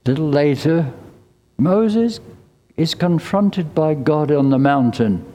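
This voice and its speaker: A man's voice: fairly high pitch, animated, slow pace, dark tone. An older man preaching a sermon, retelling the story conversationally with dry asides. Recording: long hall reverb.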